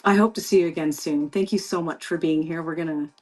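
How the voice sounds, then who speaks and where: A woman's voice: sits low, fast, a little mellow, faint music behind. A woman from Canada, hosting a live stream and chatting casually with viewers in an effusive, encouraging way.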